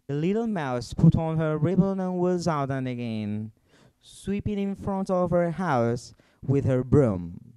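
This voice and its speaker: A man reading a children's story aloud in an expressive storytelling manner. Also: on the high side, clean tone, no room sound.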